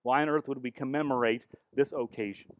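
A man's voice: mid-range voice, steady tone, fairly quick, highs cut off. A man preaching a sermon in church as pastor, retelling the crucifixion with dramatic, building intensity. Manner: dramatic, rising to intense passages. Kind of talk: sermon with live demonstration.

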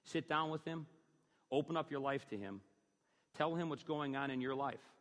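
A man's voice: a little high, normal speed, a bit bright. A man preaching a sermon in a church hall, emphatic and rising on key phrases. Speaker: pastor. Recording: hall reverb.

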